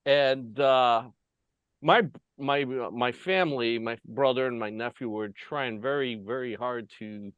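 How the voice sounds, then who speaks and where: A man's voice: medium pitch, a little slow, clear, resonant tone, dry recording, dull audio. A man from the United States hosting a casual interview over a video call, telling stories with many fillers and frequent laughs. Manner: laughs often, lively storytelling with many fillers. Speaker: host. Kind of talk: casual chat.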